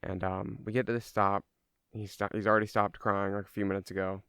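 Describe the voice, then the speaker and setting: Young man, casual storyteller; low, smooth voice with a loose, rambling and profane delivery. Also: little pitch movement, a little fast, fairly bright tone, no room sound, clean studio sound. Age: young adult. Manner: rambling, swears freely, lots of fillers.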